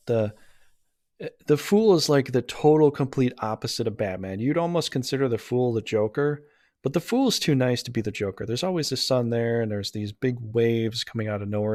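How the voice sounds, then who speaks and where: A man talks through a casual tarot reading in a mid-pitched voice, recorded close and dry with no room sound. He rambles, talks himself in circles and laughs at his own bad luck. He sounds self-deprecating and gets easily flustered. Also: a little mellow, dry recording. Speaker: tarot reader.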